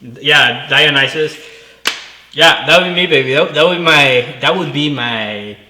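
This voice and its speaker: Forceful, cursing man in an echoey room. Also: on the high side, unhurried, a little hiss or hum. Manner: swears freely, laughs easily. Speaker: co-host. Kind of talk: casual chat.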